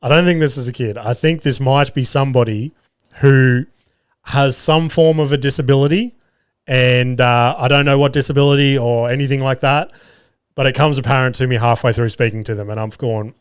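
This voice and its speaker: A man's voice: medium pitch, normal speed, smooth, no room sound. Aussie bloke on his podcast, swears a lot, acts out the quotes, dry close sound. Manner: swears freely, animated retelling with quoted voices. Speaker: podcast host and comedy MC. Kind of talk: casual storytelling chat.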